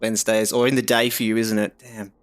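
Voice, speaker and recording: An Australian man chatting casually with viewers during a live game stream, in a relaxed, rambling way full of "you know"s and "like"s. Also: lowish voice, a little fast. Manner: relaxed and rambling, reads chat aloud, many "you know"s.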